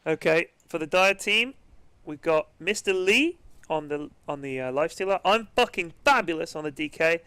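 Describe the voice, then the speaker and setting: A man casting a video game match in a relaxed, chatty way, joking and swearing freely. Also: fairly high pitch, normal speed, smooth, dry recording. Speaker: esports caster. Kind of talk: casual game commentary.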